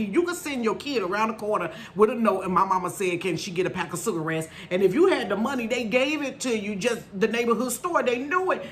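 A middle-aged woman vlogger telling a story in a casual, animated way, laughing often and calling her viewers y'all and honey. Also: a little high, slight background noise.

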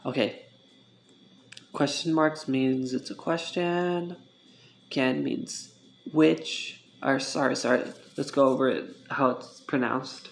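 Slow gravelly man teaching vocabulary. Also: medium pitch, fairly even intonation. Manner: slow, self-correcting, repeats words for drill. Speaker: Spanish tutor. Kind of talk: informal language lesson.

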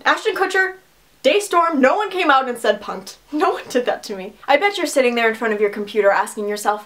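A young woman telling a story to her camera at home, sarcastic and animated, breaking into laughs. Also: sits high, a little fast. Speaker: vlogger. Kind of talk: casual storytime vlog. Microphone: camera mic.

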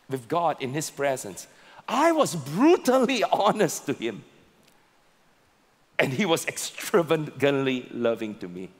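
A male pastor preaching a sermon with slow, emphatic delivery and repeated words. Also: medium pitch. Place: large church auditorium. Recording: long reverb of a large hall.

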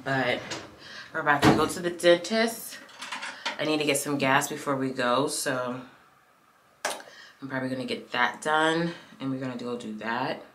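A woman's voice: very deep voice, normal speed, pauses often. A woman vlogging in a casual chatty way, talking to her viewers from her car on a phone camera. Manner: chatty, rambling, talks to viewers. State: numb mouth after dental work, sleepy. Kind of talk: casual vlog chat. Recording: noisy car recording.

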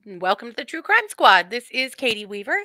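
A middle-aged woman chats easily as a podcast co-host, laughing often. Her voice is bright and forceful, recorded dry and close with no room sound. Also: on the high side, big pitch swings, brisk, dry recording. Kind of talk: casual chat.

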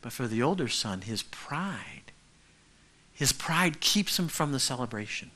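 A man's voice: medium pitch, expressive, normal speed, bright, forceful tone. A male pastor preaching a conversational sermon who keeps checking in with the congregation.

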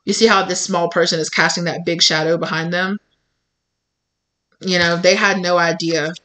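A woman's voice: on the low side, fairly bright tone, rough recording. Chatty woman giving a rambling tarot reading. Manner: rambling, many filler words, acts out quoted voices. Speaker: tarot reader. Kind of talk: casual spoken tarot reading.

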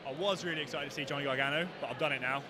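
A friendly male fan chats quickly about who he came to see on a busy convention floor. His voice is bright and a little high. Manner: casual, chatty, friendly.

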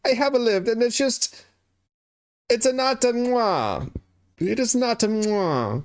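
A man's voice: very high voice, lively intonation, slow pace, pitched above the performer's own voice, full character voice. A man voicing an indignant, food-proud Italian man with a put-on Italian accent, scolding theatrically. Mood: dismayed.

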